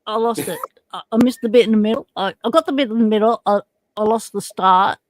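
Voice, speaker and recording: A woman's voice: medium pitch, fast, no room sound, rough recording. A woman co-hosting a casual livestream, chatty and teasing as she greets viewers by name. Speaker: livestream co-host.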